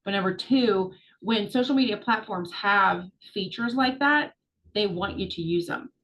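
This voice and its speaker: A woman's voice: medium pitch, a little slow, fairly bright tone, muffled recording. Chatty upbeat woman coach on a call. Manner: chatty and upbeat, with many fillers. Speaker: social media business coach. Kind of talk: casual coaching talk on a video call. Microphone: video call.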